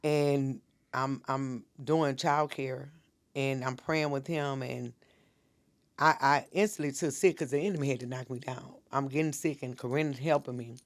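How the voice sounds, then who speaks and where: A woman's voice: very deep voice, steady tone, normal speed. A middle-aged woman speaks as a podcast guest and minister. She tells her story with earnest intensity and acts out the words of everyone involved. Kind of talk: emotional personal storytelling.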